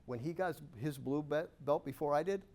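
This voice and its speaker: A man with a somewhat high voice gives a storytelling keynote to a live audience. His delivery is animated and self-amused, full of rhetorical questions and punchy asides. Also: a little fast. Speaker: guest speaker at a real estate investor club.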